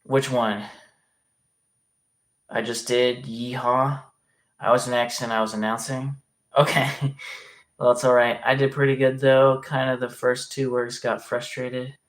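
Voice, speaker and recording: A man's voice: mid-range voice, little pitch movement, measured pace. A man chatting casually on a livestream, reading comments aloud in a rambling, hesitant way and swearing often.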